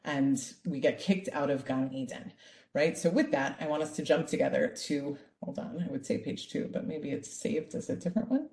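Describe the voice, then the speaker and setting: A woman teaching an online Bible class, talking in a lively way and checking in with "right?" over and over. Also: low voice, moderate pace. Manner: lively, asks "right?" often. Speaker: Torah teacher. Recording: echoey room.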